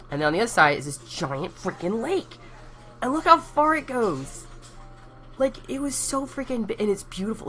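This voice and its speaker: A woman's voice: low-pitched, a bit bright. A young Texan woman chatting casually and rambling on a live stream, laughing at herself as she goes. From Texas.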